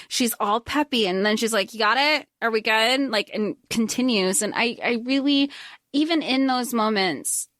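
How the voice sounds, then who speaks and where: A woman co-hosting a podcast, chatting casually about a movie and retelling scenes in an animated way. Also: on the high side, no echo, studio quality. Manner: animated, quick retellings with quoted lines. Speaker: podcast co-host. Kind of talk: casual movie recap chat.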